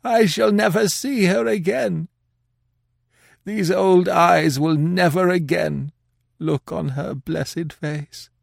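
A man's voice: high voice, expressive, drawn-out words, gravelly, breathy edge, no room sound, clean studio sound, voice pushed up, heavily acted. A man voicing a grief-stricken aged male watchmaker who talks in a mournful, quavering lament. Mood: grieving.

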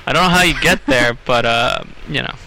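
A man co-hosting a casual podcast, reading out looked-up facts haltingly, with many fillers and self-corrections. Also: mid-range voice, vocal fry, pushed and bright, slight background noise, low-quality recording. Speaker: podcast co-host looking up facts. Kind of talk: casual chat.

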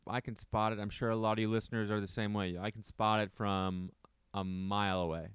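A man with a very low, smooth, resonant voice, talking casually with a co-host. He pokes fun at himself and hammers home his points through repetition. The recording is dry and close. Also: fairly even intonation, brisk, dry recording. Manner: self-deprecating, repeats himself emphatically. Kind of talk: casual chat.

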